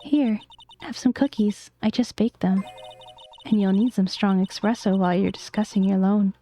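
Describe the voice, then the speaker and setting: A sweet-talking hostess of a loan office, voiced by a woman, purring a soft, sugary sales pitch at a middle pitch. Faint music plays under the game reading. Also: steady tone, moderate pace, no echo, natural voice. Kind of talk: reading game dialogue aloud.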